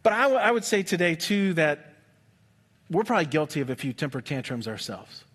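A man preaching a sermon in a conversational, humorous way, with quick asides to the congregation. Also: fairly high pitch, animated, fairly bright tone, husky. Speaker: pastor.

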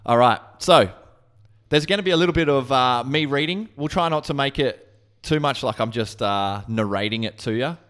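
A man's voice: mid-range voice, normal speed, fairly bright tone, clean tone. A man co-hosting a podcast, chatting casually, rambling and swearing freely. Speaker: podcast co-host.

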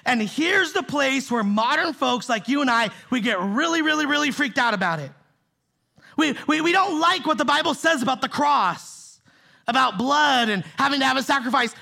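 A male pastor delivering a sermon with a gravelly, fry-edged voice and a bright, forceful tone. He talks to the congregation conversationally, repeating his key phrases for weight and tossing in "right?" and "see?" as he goes. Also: very high-pitched, moderate pace. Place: church in the Bay Area.

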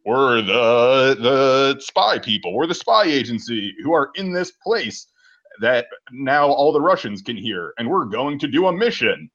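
A man's voice: mid-range voice, lively intonation, unhurried, fairly bright tone. A man voicing a male spy agent who clumsily announces himself over a radio intercom, on muffled lo-fi audio. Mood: announcing.

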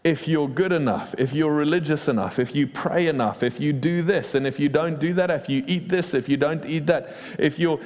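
A man preaching a sermon in a lively, animated way, acting out quoted lines in playful voices. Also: on the high side, normal speed, hardly any pauses. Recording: long reverb in a large hall.

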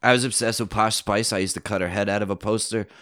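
A man's voice: lowish voice, steady tone, quick pace, a bit bright. A man appearing as a podcast guest, chatting in a giggly, self-mocking way. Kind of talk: casual podcast banter.

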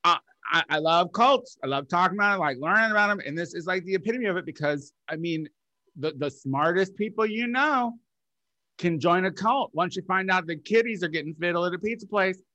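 A man's voice: sits high, brisk, sharp tone, no echo. A man co-hosting a podcast in casual chat, rambling with lots of fillers and swearing. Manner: rambling, profane, many filler likes. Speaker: podcast co-host.

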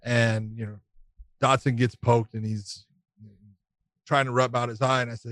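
A man who used to referee fights, telling relaxed anecdotes with quoted dialogue. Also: mid-range voice, moderate pace, pauses often, no echo. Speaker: former referee, podcast co-host. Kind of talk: casual chat.

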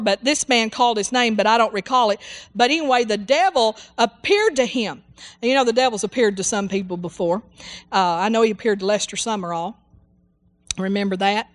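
A woman preaching a sermon in a fervent, rambling way, full of hallelujahs and amens. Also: fairly high pitch. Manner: rambling, with restarts and asides.

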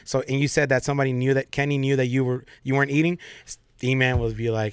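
A young man co-hosting a radio show, talking in casual, animated studio banter, swearing freely and laughing often. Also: medium pitch, fast talker, smooth, no room sound.

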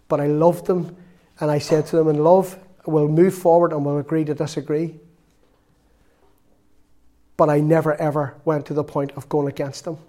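A man's voice: a little high, mellow. A middle-aged man with a Northern Irish accent preaching a sermon, telling earnest stories full of quoted dialogue. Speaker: lay preacher.

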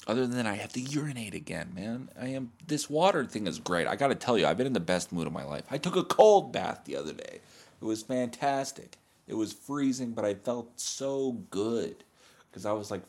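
A man hosting a podcast, rambling through a crude, profane comedic monologue in a deadpan, mock-serious way. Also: mid-range voice, normal speed. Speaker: podcast host.

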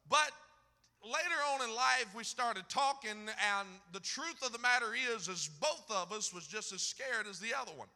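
A man with a Southern US accent preaching a sermon in a church, rising loud on scripture and dropping to a folksy, storytelling tone. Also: high-pitched, long reverb tail. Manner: fervent, swells loud on scripture then drops to folksy storytelling. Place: church sanctuary.

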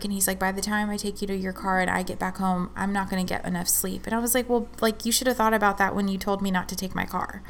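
A young woman in her twenties tells a long personal story in a loose, chatty way. She fills her speech with "like" and slips into quoted back-and-forth. Her pitch sits in the middle for a woman. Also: fairly even intonation, brisk, few pauses, slight background noise. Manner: chatty, fillers of "like", acts out quoted dialogue. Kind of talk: casual storytelling chat.

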